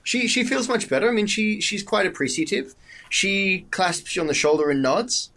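A man narrating as game master in a tabletop game, animated and quick to laugh. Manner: animated, laughing, jumping up in pitch when excited.

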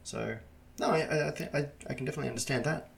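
A man's voice: a little high, very fast, creaky. Stammering man hosting a casual chat. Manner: friendly, stammering restarts. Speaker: podcast host.

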